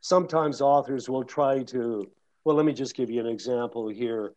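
A man's voice: medium pitch, moderate pace, darkish tone, muffled recording. A man who narrates audiobooks, talking casually to an audience in a rambling way with many restarts and fillers. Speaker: audiobook narrator and guest speaker.

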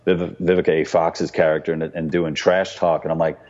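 A man co-hosting a casual movie recap, animated, mocking scenes in high put-on voices. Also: brisk. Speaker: podcast co-host. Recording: dull sound with long reverb.

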